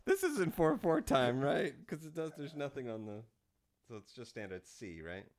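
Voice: medium pitch, big pitch swings, normal speed. A singer rehearsing a song, chatting playfully and laughing often, with the hiccups. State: has the hiccups. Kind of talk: casual rehearsal banter. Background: loud piano playing.

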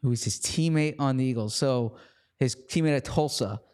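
A man's voice: medium pitch, moderate pace, a little mellow, clean tone. A man co-hosting a casual sports talk show, chatty and rambling, often restarting his sentences. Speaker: co-host and team reporter.

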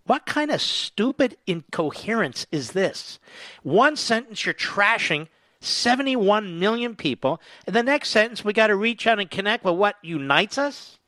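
A man's voice: sits high, expressive, a little slow, no room sound. A man hosting a political commentary show, reading quotes aloud and answering them with sarcastic, indignant remarks. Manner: sarcastic, indignant, rising to angry shouting. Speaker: talk radio host.

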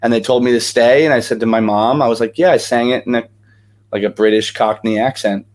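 A man's voice: medium pitch, steady tone, fairly quick, a little mellow. A young man, an actor and singer, telling stories as a guest in a casual interview, chatty and full of energy, with lots of fillers.

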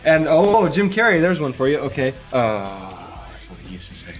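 A man's voice: medium pitch, moderate pace, soft background music. A man hosting a podcast, chatting casually and breaking into silly voices. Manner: playful, jumps into loud silly voices. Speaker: podcast host. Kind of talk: casual chat trying out celebrity impressions.

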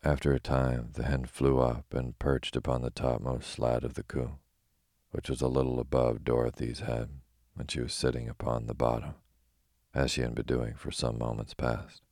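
A man reading a bedtime story aloud in a calm, steady narration. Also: very deep voice, moderate pace, dry recording, studio quality.

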